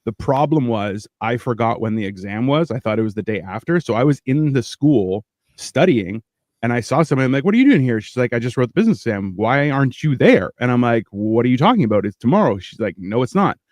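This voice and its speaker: A man's voice: mid-range voice, expressive, quick pace, dry recording. A man from Canada on a casual comedy podcast, telling brash stories and acting out quotes. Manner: brash storytelling, acts out quotes loudly. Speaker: podcast co-host.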